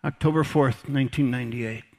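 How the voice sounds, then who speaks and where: A man's voice: mid-range voice, fairly even intonation, a little fast, gravelly, darkish tone. A man preaching a sermon as pastor, conversational, repeating words and dropping folksy asides.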